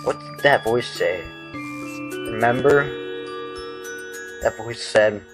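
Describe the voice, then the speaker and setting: A man reading a video game's dialogue aloud, voicing lines expressively, often dropping into hushed musings. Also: medium pitch, takes it slowly, long pauses, faint music behind. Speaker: game commentator. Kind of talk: dramatic reading of game dialogue.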